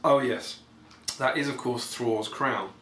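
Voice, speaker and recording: A podcast host talks in a medium-pitched, fairly bright voice, slow and fairly even in intonation. His commentary is casual, rambling and enthusiastic, packed with ums. The room sounds echoey, with faint noise in the background.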